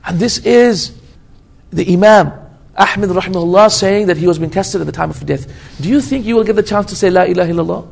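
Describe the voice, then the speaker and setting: A man's voice: sits high, fast, gravelly, darkish tone. A man delivering a religious lecture in English, stressing points by repeating phrases and swearing by God, with Arabic religious terms woven into his speech. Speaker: Islamic lecturer.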